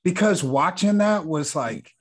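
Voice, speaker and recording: A man's voice: sits high, lively intonation, a little slow, over a noisy crowd. A man co-hosting a podcast, telling a story in an earnest, reflective way and laughing often. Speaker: podcast co-host. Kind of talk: casual storytelling chat.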